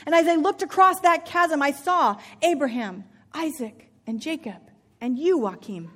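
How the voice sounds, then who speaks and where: A woman voicing a frantic rich master who talks in a loud, urgent, pleading way. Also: high voice, normal speed, pitched above the performer's own voice. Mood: distraught.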